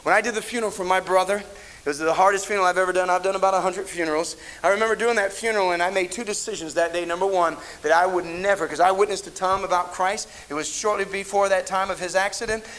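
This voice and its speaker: This is a poor-quality clip of a middle-aged pastor giving a storytelling sermon, his anecdotes rambling and full of restarts. He speaks fast in a high, slightly bright voice with a steady tone.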